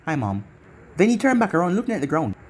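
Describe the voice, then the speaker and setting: A reader narrating an anime fan-fiction story aloud in a steady storybook manner. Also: mid-range voice, rapid-fire, slightly rough.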